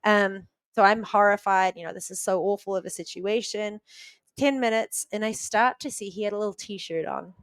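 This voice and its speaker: Smooth-voiced woman telling a vivid story. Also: medium pitch, no room sound. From New Zealand. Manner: vivid, earnest retelling with quick restarts. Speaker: podcast guest. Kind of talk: personal storytelling in a podcast interview.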